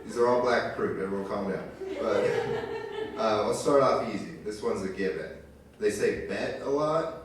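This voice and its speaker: A man's voice: on the low side, moderate pace, background noise. A man in his twenties doing a stand-up set on a live stage, telling crude stories in a loose, conversational way. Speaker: stand-up comedian. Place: live stage in a community arts venue. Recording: very echoey room recorded from far off. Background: crowd ambience.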